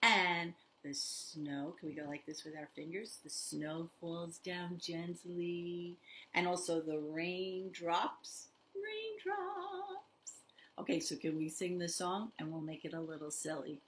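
An older woman leading a toddler story time, talking straight to small children in an animated, sing-song way. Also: lowish voice, unhurried. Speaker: children's librarian.

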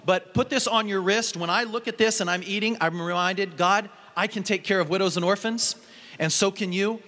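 A man's voice: high voice, normal speed, bright, forceful tone. A man giving an earnest, storytelling conference talk to an audience in a large hall. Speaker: conference speaker. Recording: long hall reverb.

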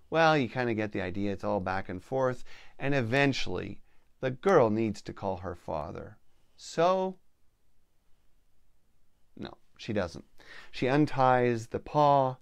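A man telling a story to listeners with a spiritual theme, slow with playful asides. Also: lowish voice, lively intonation, gravelly, clean tone, no room sound. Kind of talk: storytelling talk.

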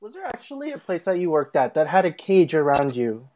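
A man's voice: a little high, a little fast. A man hosting an interview, casually asking a guest questions. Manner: relaxed, reads out viewer questions. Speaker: host.

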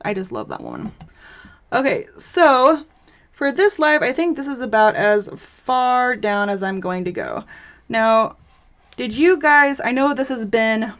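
A young woman with a fairly high, fairly bright voice hosts a live crafting tutorial. Bubbly and chatty, she talks with viewers while she works and laughs a lot.

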